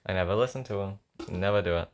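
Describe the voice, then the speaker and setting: Deep-voiced young man with a sore throat. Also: fast talker. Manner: rambling, self-mocking, thinking aloud. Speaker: songwriter. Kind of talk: casual chat while writing a song. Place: at home.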